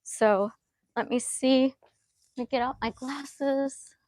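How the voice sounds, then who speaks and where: A woman hosting a live-stream question and answer session, speaking earnestly and often pausing with fillers as she reads comments. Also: sits high, steady tone, darkish tone, no room sound. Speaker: host answering viewer questions.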